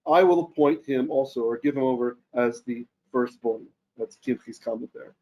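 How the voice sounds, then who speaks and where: A man's voice: medium pitch, moderate pace, dull audio. A man teaching a Torah lesson, reading Hebrew verses aloud and then translating and explaining them as he thinks them through. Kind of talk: Bible study lesson.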